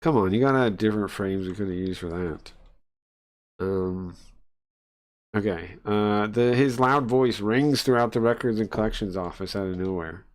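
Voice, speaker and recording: A man casually commenting while he plays and reads through a story game, chatty and easily excited, thinking aloud with many pauses. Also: lowish voice. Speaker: streamer playing and reading a story game. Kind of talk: casual live-stream commentary.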